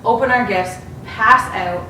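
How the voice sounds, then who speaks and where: A woman's voice: a little high, a little slow, sharp tone. Twenties girl joking around w her sister, echoey, kinda far from the mic, bit of hiss. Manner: joking, dry teasing. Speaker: guest, host's sister. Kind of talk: casual chat. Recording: roomy echo, off-mic, faint hiss.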